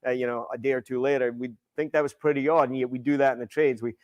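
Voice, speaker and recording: A man co-hosting a podcast in casual chat, talking in an enthusiastic, animated way. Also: mid-range voice, fast, dry recording, muffled recording. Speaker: podcast co-host.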